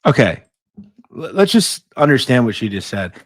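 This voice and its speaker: A man from the United States hosts a loose livestream chat, blunt and mocking. His pitch swings widely as he talks, and the sound is dry and close with no room around it. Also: expressive, a little slow, dry recording. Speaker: podcast host.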